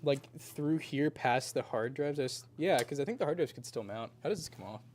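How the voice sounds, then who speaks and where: A man's voice: mid-range voice, expressive, brisk, a little mellow, slight background noise. A man helping build a computer on a stream, chatting casually and musing his questions aloud. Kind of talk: casual chat while building.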